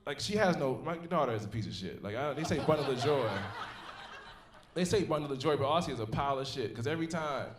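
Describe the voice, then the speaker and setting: Male stand-up in his thirties, profane and animated, live in a roomy club. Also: medium pitch, fast talker, a little hiss or hum. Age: 30s. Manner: profane, animated storytelling with laughs. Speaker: stand-up comedian. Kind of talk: stand-up comedy set. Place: comedy club theater stage.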